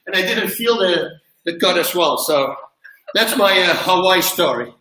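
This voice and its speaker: A man with a fairly high, bright voice spins a wild personal anecdote with lively energy, chuckling between lines. He sounds set back from the mic in a roomy, echoing space. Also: a little slow. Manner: lively, laughs at his own story, acts out quotes. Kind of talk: animated storytelling. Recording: roomy, from a distance.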